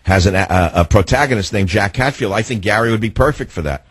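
A man's voice: on the low side, quick pace, husky, dry recording. A man hosting a political radio talk show, combative and full of rhetorical questions.

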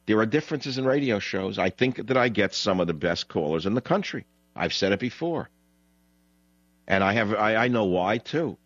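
A man hosting a call-in radio show, telling a long rambling anecdote in a blunt, digressive way, his voice jumping high when he retells what others said. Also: animated, normal speed, fairly bright tone, no room sound, highs cut off. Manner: blunt, digressive, frequent "blah, blah, blah". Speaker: radio talk show host.

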